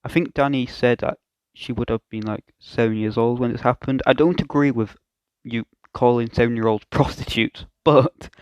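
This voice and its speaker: A young man comments on clips in a self-mocking, halting way. His voice sits at a middle pitch, and the recording is dry and close. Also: fairly even intonation, smooth, no room sound, dull audio. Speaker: YouTube reaction host. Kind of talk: reaction commentary.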